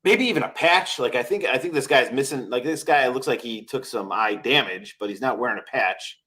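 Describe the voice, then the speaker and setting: A man co-hosting a casual chat show, joking and acting out quick little voices as he talks. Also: mid-range voice. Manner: animated, jokey, acts out little quoted voices. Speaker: podcast co-host.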